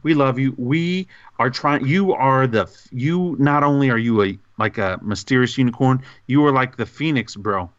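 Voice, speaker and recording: A man co-hosts a gaming podcast in a loose, excitable way, piling on goofy, over-the-top praise. His voice sits at a middling pitch. The sound is dry and a little dull, with no room around it. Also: moderate pace, hardly any pauses, no room sound. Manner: excitable, goofy, hyperbolic rambling. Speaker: podcast co-host. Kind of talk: casual podcast chat.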